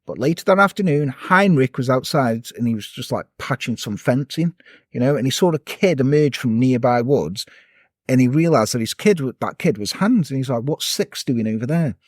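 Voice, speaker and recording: A man's voice: medium pitch, animated, normal speed, no room sound, clean studio sound. A man casually telling a true-crime story on a podcast, sweary and jokey.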